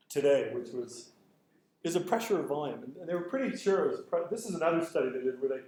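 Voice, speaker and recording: A middle-aged man giving a conference lecture, telling lively anecdotes and acting out the quoted exchanges. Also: mid-range voice. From Canada. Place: lecture hall. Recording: very echoey hall with faint noise.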